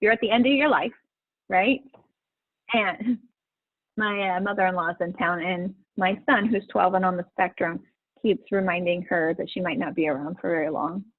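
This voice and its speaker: A woman's voice: lowish voice, steady tone, normal speed, no room sound. A middle-aged woman hosting a live coaching session, chatty and encouraging, laughing often as she talks to her group. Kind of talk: casual live-stream coaching talk. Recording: husky voice over a tinny phone-like line.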